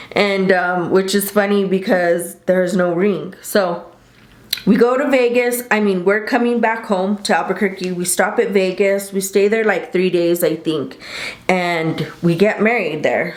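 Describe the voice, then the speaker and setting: A woman in her thirties telling a rambling, chatty story to the camera, often correcting herself. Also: mid-range voice. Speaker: vlogger. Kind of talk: casual storytime chat. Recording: roomy home recording.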